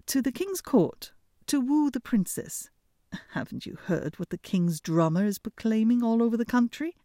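A woman's voice: fairly high pitch, expressive, moderate pace, dark tone, no room sound, studio quality, pitched above the performer's own voice, close to an everyday voice. A woman doing smug mocking brothers. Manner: mocking, self-satisfied. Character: two smug scholarly young brothers.

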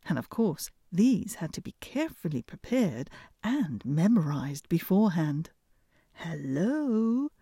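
A woman reading a fairy tale aloud in an expressive storytelling manner. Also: deep voice, slightly rough, no room sound, studio quality. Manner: expressive, unhurried.

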